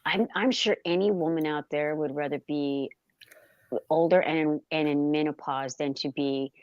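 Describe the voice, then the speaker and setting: A low-pitched woman trades blunt, profane gossip on a livestream call. Her voice sits deep for a woman and comes through dry and a little muffled. She laughs easily and mocks freely. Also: steady tone, normal speed, no echo. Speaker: livestream co-host. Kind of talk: casual gossip chat.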